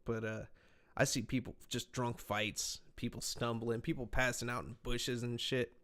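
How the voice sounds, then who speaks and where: A man's voice: medium pitch, level tone, moderate pace, fairly bright tone. A man chatting casually on a podcast, telling laid-back stories and swearing freely. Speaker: podcast host. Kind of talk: casual chat.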